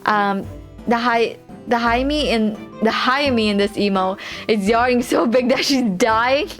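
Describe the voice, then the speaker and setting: A woman's voice: a little high, unhurried, fairly bright tone, soft background music. A woman streamer chatting casually and giggling as she reacts to her chat while playing a game.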